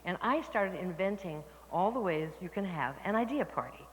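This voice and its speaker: A woman speaker telling lively stories to a workshop audience, laughing and acting out the people she quotes. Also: lowish voice, normal speed. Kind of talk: storytelling talk to a live audience. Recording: reverberant hall with faint noise.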